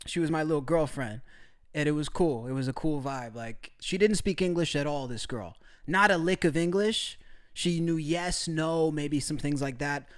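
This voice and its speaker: A man's voice: fairly high pitch, normal speed. Laughing, cursing male streamer. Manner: crude, laughing, brotherly slang. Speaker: live streamer. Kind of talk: casual live-stream commentary.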